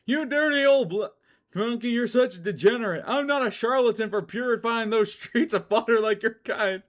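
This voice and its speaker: A pompous young gang leader sneers and speechifies with theatrical scorn, as a man puts him on. His voice is pushed high and loud, almost shouting. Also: normal speed. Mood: sneering.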